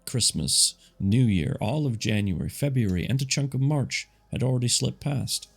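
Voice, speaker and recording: A man with a creaky, medium-pitched voice reads a novel aloud live as an audiobook narrator. His style is casual, and he stops now and then to comment on the story or correct himself.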